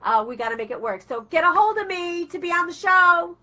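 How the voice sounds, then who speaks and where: A woman's voice: very high voice, a little fast. A woman hosting an online talk radio show, chatting casually and acting out little stories with quoted voices. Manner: chatty, animated storytelling with acted-out quotes.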